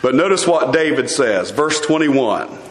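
A man's voice: mid-range voice, lively intonation, a little slow. A man preaching a sermon, earnest and explanatory, asking rhetorical questions and often restarting his phrases. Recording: echoey room.

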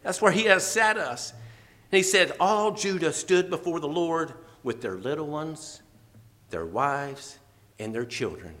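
A man preaching a fervent, emotional sermon, at times teary and laughing softly. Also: a little high, animated, unhurried.

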